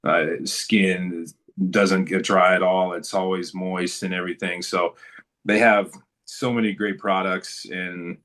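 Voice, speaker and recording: A man's voice: deep voice, flat delivery, measured pace, fairly bright tone. A man talking as a guest in a casual interview, telling stories in a laid-back, good-humored way.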